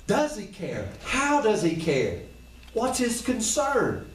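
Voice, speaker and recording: A man's voice: sits high, huge pitch swings, takes it slowly, a little hiss or hum. A man preaching an informal sermon in a colloquial way, asking the congregation question after question. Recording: echoey room, voice from far off the mic.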